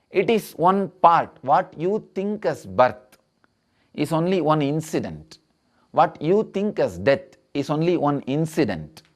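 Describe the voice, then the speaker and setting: A man giving a sermon as a spiritual teacher, slow and emphatic, repeating his key phrases. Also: on the high side.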